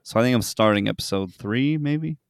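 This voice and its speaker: A man's voice: mid-range voice, a little fast, dry recording, studio quality. A young man hosting a podcast, telling a story in casual chat, swearing freely and acting out the people in it. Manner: animated storytelling, swears freely, acts out quotes. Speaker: podcast host.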